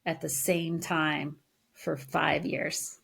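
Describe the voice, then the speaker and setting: A woman therapist as a podcast guest, earnest and animated, laughing easily as she tells stories. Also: low voice, extremely slow, creaky, breathy edge. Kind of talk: conversational interview.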